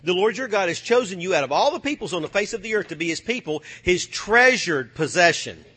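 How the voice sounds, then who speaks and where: A male pastor preaching a sermon with call-and-response, folksy speech, swinging from soft to loud. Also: high voice, big pitch swings, fairly quick, husky. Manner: folksy, drawls phrases like y'all and ain't.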